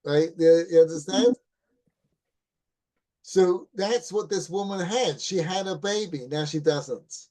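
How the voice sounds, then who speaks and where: Mellow-voiced man teaching a Torah class. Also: high voice, takes it slowly. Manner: keeps checking in with listeners, asking "right?"; relaxed anecdotal teaching with restarts. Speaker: rabbi.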